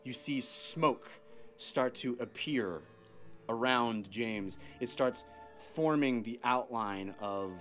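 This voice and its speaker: A man narrating a tabletop game as its game master, his voice bright and forward, with middling pitch. He paints scenes in vivid detail, often restarting phrases as he builds the picture. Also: slow, faint music behind.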